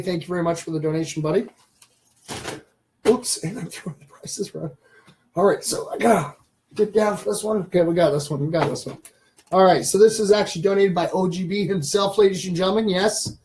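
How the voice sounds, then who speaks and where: A man in his thirties hosts a casual live stream. His voice sits a little high for a man. He rambles along and talks straight to his viewers. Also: a little mellow. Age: 30s.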